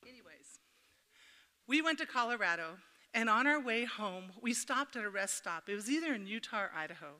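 Middle-aged lady doing a church devotional talk, chatty and funny, kinda high voice, big hall echo. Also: expressive, brisk, pushed and bright. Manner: chatty and humorous, addresses the audience directly. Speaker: speaker at a church gathering. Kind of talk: informal devotional talk with personal stories. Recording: reverberant hall.

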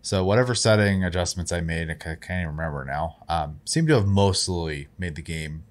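A man co-hosting a casual gaming podcast, speaking haltingly with many fillers. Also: low voice. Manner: hesitant, many fillers and restarts, chuckles. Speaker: podcast co-host. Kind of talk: casual chat.

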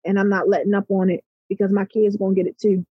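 An emphatic middle-aged woman with a Baltimore accent answers interview questions in a slightly husky voice. The sound is dry and a little muffled. She often checks in with "right?". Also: medium pitch, little pitch movement, fast, dry recording. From Baltimore, USA. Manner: passionate, emphatic, repeats "right?". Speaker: interview guest. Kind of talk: conversational interview.

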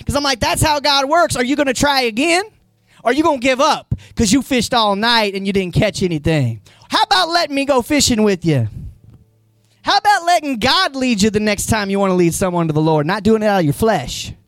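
Pastor guy preaching, really lively up and down voice, chatty, gets loud on his points. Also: very high-pitched, brisk, no room sound. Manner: conversational preaching, retells scenes with voices; rises to emphatic, raised-voice points. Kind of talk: sermon. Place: church.

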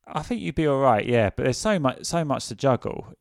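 A man co-hosting a casual wrestling podcast, relaxed and a bit hesitant, often asking questions. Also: mid-range voice, brisk, vocal fry, dry recording, studio quality. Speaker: podcast co-host.

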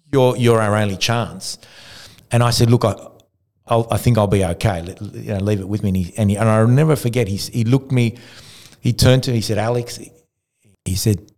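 A man from Argentina with a low voice recounts a race story on a podcast. He talks casually, restarts his sentences and acts out what others said along the way. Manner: animated storyteller who acts out quotes, frequent restarts. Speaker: guest, retired pro cyclist.

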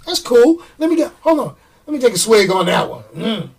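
Animated rambling man, a bit distant. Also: sits high, fairly quick, creaky. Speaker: comic book YouTuber. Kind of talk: casual chat.

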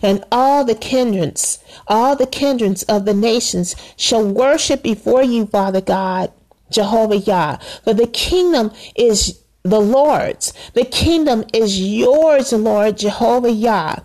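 A woman's voice: a little high, slow, darkish tone. A woman praying aloud with fervor, repeating "Father God" between short phrases. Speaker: prayer leader. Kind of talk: spoken prayer.

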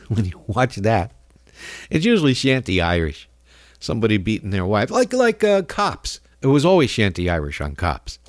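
A man's voice: medium pitch, dry recording, clean studio sound. A man hosting a radio talk show, delivering a rambling, sardonic monologue with frequent chuckles.

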